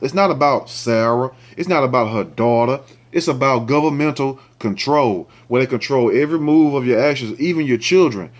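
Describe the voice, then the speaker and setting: A man's voice: mid-range voice, moderate pace, hardly any pauses. Indignant man ranting over a news story. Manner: indignant, ranting, swears freely; talks straight to viewers, asks for likes and shares. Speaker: commentary show host. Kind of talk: reading a news story aloud with angry commentary.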